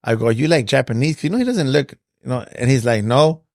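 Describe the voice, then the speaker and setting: A man's voice: mid-range voice, big pitch swings, fast, gravelly, darkish tone, no room sound, clean studio sound. A man who coaches boxing, chatting on a podcast and telling blunt, profane stories. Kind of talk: casual podcast chat.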